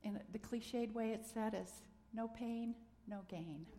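A middle-aged woman giving a gentle, earnest sermon, sometimes dropping to a soft near-whisper. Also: fairly high pitch, takes it slowly. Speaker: minister. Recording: long hall reverb.

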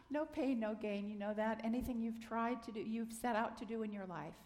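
A middle-aged woman giving a gentle, earnest sermon, sometimes dropping to a soft near-whisper. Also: on the high side, a little hiss or hum. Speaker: minister. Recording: long hall reverb.

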